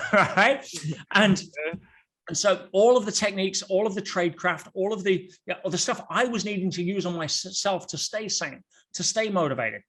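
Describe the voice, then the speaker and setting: A man talking as a guest on a podcast, telling stories in an animated way with rhetorical questions and quick restarts. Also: high-pitched. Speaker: podcast guest, motivational speaker. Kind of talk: podcast conversation.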